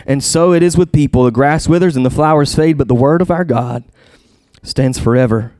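A man's voice: brisk, no room sound, clean studio sound. A man preaching a sermon, reading scripture aloud and repeating himself as he searches for words, his voice climbing when stirred. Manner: passionate, rises high and loud when stirred. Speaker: pastor.

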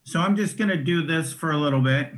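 A man talking casually as a player in a tabletop game. His voice sits a bit higher than most men's, and he trips over a word now and then as he describes what his character does. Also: fairly quick, fairly bright tone. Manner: casual, with small stumbles.

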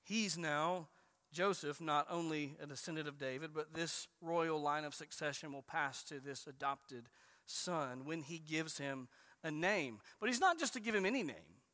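A man preaching a sermon as a pastor, stressing key phrases slowly and emphatically. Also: a little high, pushed and bright. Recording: reverberant hall.

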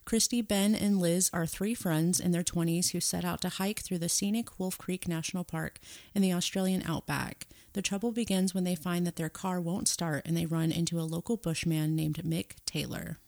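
A woman's voice: fairly low pitch, fairly even intonation, moderate pace, creaky, darkish tone, dry recording, studio quality. A woman co-hosting a podcast, chatting casually and agreeably and reading a film synopsis aloud. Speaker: podcast co-host.

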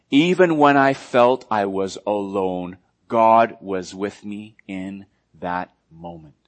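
A male pastor preaching a sermon earnestly, moving between loud emphasis and hushed, quiet passages. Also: lowish voice, a little slow.

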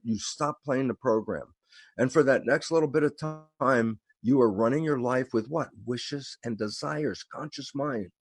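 A man talking as a guest, telling a story in an animated way and acting out the quoted lines. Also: medium pitch, breathy edge, no room sound. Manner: animated, acts out quoted dialogue. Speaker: guest speaker. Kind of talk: storytelling conversation.

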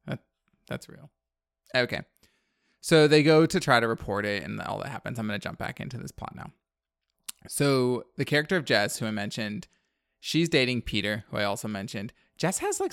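A man in an easygoing podcast chat, talking through a film's plot in a loose, rambling way full of "like"s and dry side comments. His voice sits at an ordinary pitch and sounds close and dry, with no room around it. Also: fairly bright tone, clear, resonant tone, dry recording. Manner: rambling, filler-heavy, wry asides. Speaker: podcast co-host. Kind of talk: casual movie recap chat.

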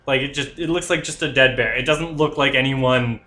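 A man's voice: mid-range voice, fairly quick, bright, forceful tone. A man playing a tabletop game, rambling through his character's actions with lots of fillers. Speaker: player. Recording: echoey room with faint hiss.

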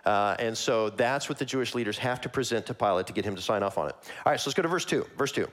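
A man preaching a sermon, walking through a Bible passage verse by verse in a conversational, animated way that acts out the characters. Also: medium pitch, fast talker.

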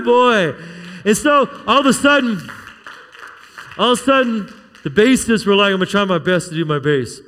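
A man's voice: sits high, a little fast, fairly bright tone, smooth, in a large hall. A middle-aged male pastor preaching a sermon, telling stories with humor and asking the church for amens. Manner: storytelling with humor, calls for amen.

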